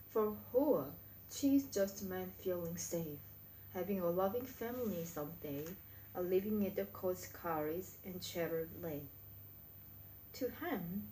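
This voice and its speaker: A woman with a Korean accent reading an English book aloud slowly and carefully, stumbling now and then. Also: medium pitch, mellow, reverberant, a little hiss or hum, poor audio. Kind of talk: slow read-aloud practice of a book.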